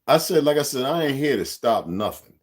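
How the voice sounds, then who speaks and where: A man's voice: medium pitch, expressive, a little fast. A man in his sixties hosting a livestream, speaking in a rambling, profane, streetwise rant aimed straight at his viewers and chat. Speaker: livestream host.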